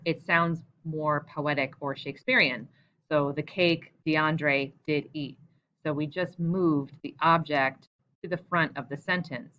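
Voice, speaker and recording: A woman's voice: low voice, pushed and bright, dull audio, a little hiss or hum. A woman English teacher giving a recorded lesson, explaining patiently and asking guiding questions.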